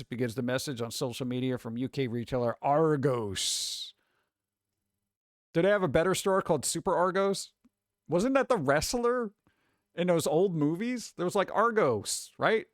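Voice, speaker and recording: A man's voice: fairly high pitch, no echo, clean studio sound. A man hosting a casual commentary show, reading a news story aloud and breaking off into rambling, sarcastic asides. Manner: rambling, sarcastic asides, frequent fillers and restarts. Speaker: host.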